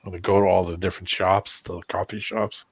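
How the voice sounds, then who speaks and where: A man's voice: low voice, level tone, a little fast, vocal fry, husky, no echo. A man chatting in an easygoing way, asking questions and telling stories. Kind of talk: casual chat.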